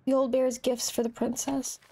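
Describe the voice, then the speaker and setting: A young woman game streamer with a slightly high voice, chatting casually as she plays. She reads the story text aloud and breaks into animated, rambling asides full of restarts. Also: normal speed. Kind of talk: casual gameplay commentary and reading aloud.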